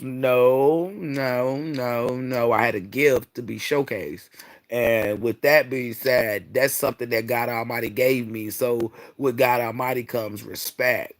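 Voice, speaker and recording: A man chats on his own livestream, speaking into a streaming mic. He rambles from thought to thought, blunt and profane, in a voice of ordinary pitch for a man. It's loose, unscripted chat. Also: steady tone, takes it slowly. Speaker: livestream host.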